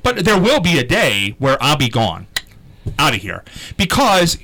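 A man's voice: a little high, huge pitch swings, a little slow, pushed and bright, rough recording. A middle-aged man hosting a casual chat show, teasing his guests and laughing often. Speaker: show host.

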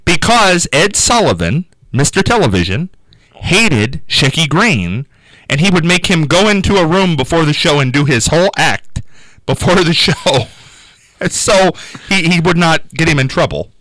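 A man hosting a radio show, telling an anecdote in a casual, animated way and laughing as he goes. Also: on the high side, moderate pace, dry recording, rough recording. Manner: animated, laughs through his stories. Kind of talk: casual storytelling chat.

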